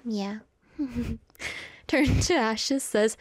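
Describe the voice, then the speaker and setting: A woman's voice: mid-range voice, normal speed, darkish tone, dry recording. A woman hosting a radio show in a studio, chatting casually and playfully and reading listener messages with frequent giggles.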